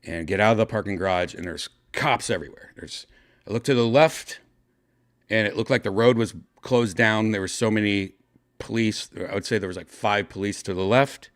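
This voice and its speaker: A man hosting a podcast, casually telling a story with excitement and swearing, acting out his own shouts. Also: lowish voice, moderate pace. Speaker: podcast host.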